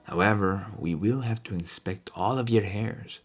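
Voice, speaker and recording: Give me a man voicing a gruff, suspicious old doorman for an audiobook. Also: on the low side, normal speed, faint music behind, lightly acted. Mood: wary. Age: older. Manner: harsh, blunt questioning.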